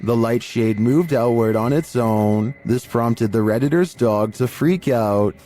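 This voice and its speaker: A man giving scripted narration for a creepy video compilation in a measured, deliberate storytelling manner. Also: medium pitch, dark tone.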